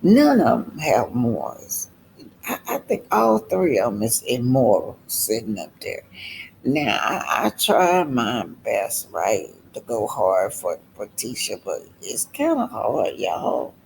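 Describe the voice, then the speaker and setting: A man's voice: mid-range voice, wildly swooping pitch, takes it slowly, creaky, a little hiss or hum. A man giving casual, emphatic reaction commentary on a reality show, repeating his points and talking to viewers directly.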